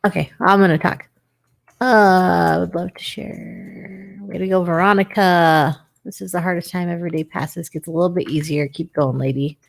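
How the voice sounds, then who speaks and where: A woman's voice: on the low side, steady tone, normal speed, creaky. A woman co-hosting a live recovery stream, chatting casually with short encouraging remarks. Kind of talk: casual livestream chat.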